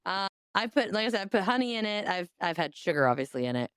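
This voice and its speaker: A woman, hosting a casual podcast chat, animated, laughing often and swearing casually. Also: mid-range voice, quick pace, clean tone, dry recording, studio quality. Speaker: podcast host.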